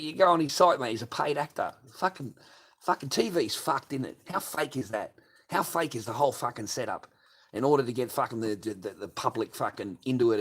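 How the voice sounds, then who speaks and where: A man's voice: mid-range voice, fairly bright tone. An older man hosting a late-night livestream, ranting crudely and swearing constantly. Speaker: livestream host.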